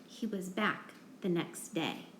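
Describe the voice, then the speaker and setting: A woman's voice: lowish voice, slow, a bit bright, a little hiss or hum. A woman reading a rhyming picture book aloud to children, in a rhythmic voice, stopping to ask the listener questions. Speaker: reader. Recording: roomy echo.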